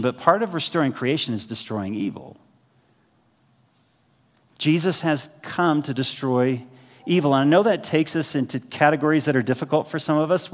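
A man preaching a sermon in a conversational way, often checking in with the congregation with quick asides. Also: mid-range voice. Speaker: pastor. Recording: long hall reverb.

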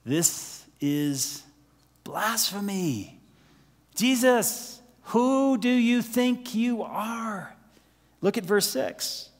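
A man's voice: on the high side, in a large hall. A man preaching a sermon in a conversational way, asking the listeners questions and dropping to a near-whisper for emphasis. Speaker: pastor.

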